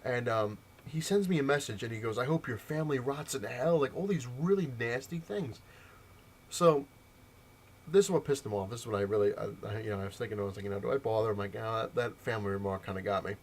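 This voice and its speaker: A man's voice: lowish voice, animated, fast talker, a little mellow. Rambling man telling a gaming story. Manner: rambling storyteller, mocks the voices of gamers he quotes. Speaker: comic shop video host. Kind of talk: casual rant to camera.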